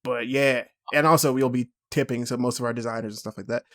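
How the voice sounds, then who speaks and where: A young man co-hosting a podcast, chatting excitably, laughing often and swearing a lot. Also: mid-range voice, fast talker. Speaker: podcast co-host. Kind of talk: casual chat.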